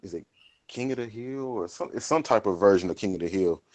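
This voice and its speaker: A man chats on a casual gaming podcast. His voice sits somewhat low. He keeps a relaxed, conversational tone. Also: a little fast. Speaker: podcast co-host.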